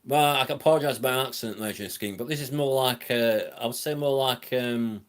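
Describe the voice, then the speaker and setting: A man with a northern Lancashire accent rambles through a casual live stream chat from home. His pitch sits right in the ordinary middle, and he drifts between thoughts with frequent ums, answering viewers' comments as they come in. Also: brisk. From England.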